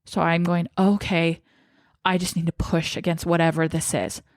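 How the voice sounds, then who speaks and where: Young woman vlogger, candid and emotional, a slightly low voice, close and dry. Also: flat delivery, normal speed, no echo. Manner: emotional, shaky and tearful at times. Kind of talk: personal storytelling.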